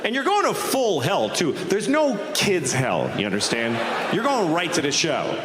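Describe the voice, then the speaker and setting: Stand-up man, wide-ranging mocking delivery, roomy club sound, loud noise behind. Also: fairly high pitch, huge pitch swings, normal speed, a crowd in the background. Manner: mocking, puts on voices for the church. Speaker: stand-up comedian. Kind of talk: stand-up set on stage.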